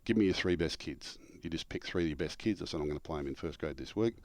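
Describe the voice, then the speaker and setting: Deep-voiced older man spinning yarns. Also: quick pace, no room sound. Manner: animated storyteller, acts out quoted dialogue, laughs through punchlines. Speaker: former coach and show regular. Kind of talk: casual storytelling chat.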